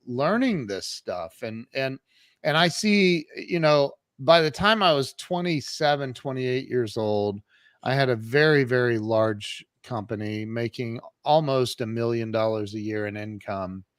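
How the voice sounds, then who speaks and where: A man's voice: mid-range voice, unhurried, no echo, clean studio sound. Man in his 50s telling his story. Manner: animated storyteller with frequent restarts and fillers. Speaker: podcast guest, entrepreneur. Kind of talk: conversational life storytelling.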